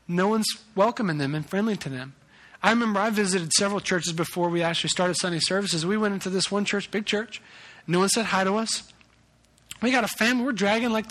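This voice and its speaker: A male pastor preaching a sermon in a conversational way, telling stories with lots of restarts. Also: high voice. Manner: conversational, animated storytelling with restarts. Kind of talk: sermon with a personal story.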